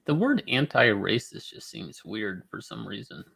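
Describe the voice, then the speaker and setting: A man co-hosting a livestream, chatting casually and thinking out loud with some hesitation. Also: lowish voice, sing-song, measured pace, gravelly, husky.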